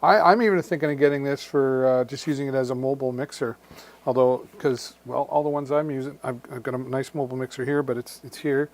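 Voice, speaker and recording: A man's voice: medium pitch, steady tone, fast talker. A man hosting a live deals stream, friendly and rambling, with many restarts.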